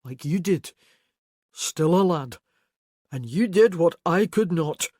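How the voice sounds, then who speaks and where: A guilt-ridden older Highland man, as an audiobook narrator puts him on, speaking with earnest, pleading sorrow. The voice sits in a middle register, and the recording is close and completely dry. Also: lively intonation, slow, warm tone, dry recording. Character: remorseful older Highland man, Kerr's uncle. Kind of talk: audiobook character voice.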